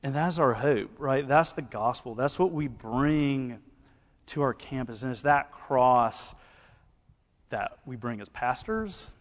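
A man's voice: mid-range voice, slow pace, big-room sound. A man from Alabama with an Alabama accent, a campus pastor giving a conversational ministry talk full of anecdotes and fillers.

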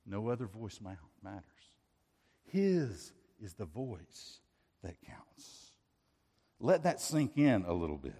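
A man preaching a sermon as pastor, emphatic, with repeated rhetorical questions. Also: mid-range voice. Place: church sanctuary. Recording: reverberant hall.

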